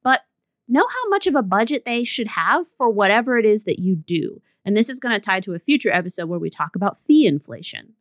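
A woman's voice: medium pitch, very animated, fairly quick, dry recording, studio quality. A woman business coach hosting her own solo podcast, talking bluntly and candidly with laughing asides.

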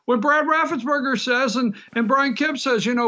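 A man's voice: very high voice, moderate pace, hardly any pauses, pushed and bright, lo-fi sound. A man from Georgia, a party official, speaking as a guest on a political talk show, fervent and often restarting his words.

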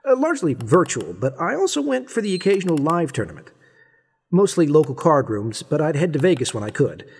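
In a scripted audio drama, an actor plays a cocky card hustler who narrates wryly and sardonically and, as a poker player at the table, fakes an Australian accent over his American one. His voice is mid-range and slightly rough.

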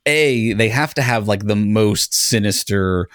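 Man, podcast co-host, brisk animated explaining, lowish voice, dry sound. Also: dry recording. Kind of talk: casual analytical chat.

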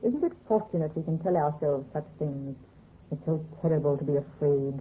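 A woman's voice: low voice, slight background noise, lightly acted. A woman playing a cold, sinister serpent goddess. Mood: coldly ominous. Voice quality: calm, measured, ominous. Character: cold vengeful female serpent goddess in human guise. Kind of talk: 1930s radio drama acting. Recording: tinny old radio recording.

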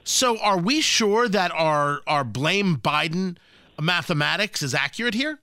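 Lively high-voiced male radio host. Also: a little slow, dry recording, studio quality. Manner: lively, probing, wry asides. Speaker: radio talk show host. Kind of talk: talk radio interview.

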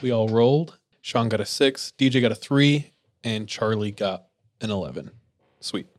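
A man hosting a podcast, telling ghost stories in a relaxed way with lots of filler words. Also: lowish voice, normal speed, a little hiss or hum. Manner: relaxed, filler-heavy, laughs easily. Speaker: podcast host. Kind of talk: casual spooky storytelling.

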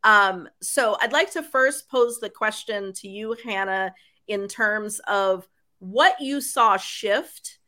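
A woman's voice: mid-range voice, bright, forceful tone. A woman hosting a podcast roundtable, guiding the discussion with organized questions. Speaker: podcast host. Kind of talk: moderating a roundtable.

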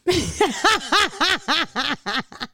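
A woman host chatting casually and telling stories with lots of laughter and swearing. Her voice swoops up and down and has a gravelly edge. The sound is close and dry. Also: high-pitched, drawn-out words, dry recording. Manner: animated, laughing, profane storytelling. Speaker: podcast host. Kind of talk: casual chat.

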